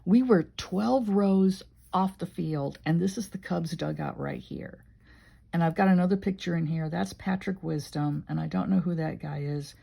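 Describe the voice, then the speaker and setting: Older lady from illinois rambling thru her journal, low gravelly voice, kinda dark tone. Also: moderate pace. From Illinois, USA. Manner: rambling, emotional, conversational. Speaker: journaling vlogger. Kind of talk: chatty journal flip-through.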